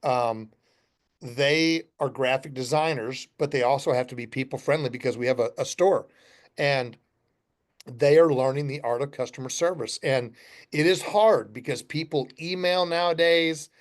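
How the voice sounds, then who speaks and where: A man's voice: medium pitch, moderate pace. A middle-aged man, a company founder guesting on a podcast, telling blunt, folksy stories and acting out both sides of customer conversations with some swearing. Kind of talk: casual storytelling interview.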